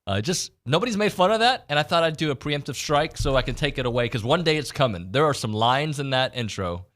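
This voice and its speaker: A man's voice: mid-range voice, animated, fast talker, a bit bright. A man hosting a sports radio show in a studio, chatting casually and self-deprecatingly with plenty of restarts. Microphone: studio microphone.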